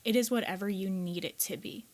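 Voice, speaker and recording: A woman's voice: medium pitch, steady tone, darkish tone. Earnest Midwestern woman telling a story. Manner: earnest, quickens and rises when reliving a moment. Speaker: podcast co-host, yoga teacher. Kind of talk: candid personal storytelling.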